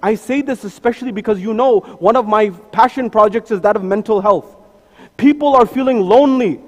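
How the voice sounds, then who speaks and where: A man's voice: sits high, a little fast. A man delivering an earnest, emphatic sermon as a preacher in a mosque, his voice rising and falling in force. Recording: mosque hall with long reverb.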